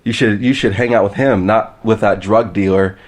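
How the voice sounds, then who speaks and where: A man's voice: fairly low pitch, fairly even intonation, moderate pace. A young man from Texas on a casual podcast, speaking mildly and a bit self-consciously. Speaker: podcast host. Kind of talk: casual chat.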